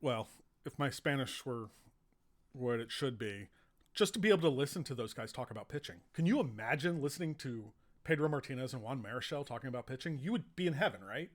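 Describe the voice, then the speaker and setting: An American man hosting a podcast, telling relaxed, rambling anecdotes full of fillers. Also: medium pitch, a little fast. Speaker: podcast host and baseball writer. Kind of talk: casual storytelling chat.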